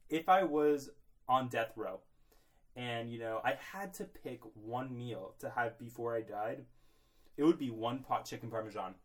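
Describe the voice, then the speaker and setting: A man's voice: mid-range voice, a little slow. A young man co-hosting a podcast in a small closet, rambling mock-seriously with lots of filler words. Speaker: podcast co-host. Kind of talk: comedic casual chat.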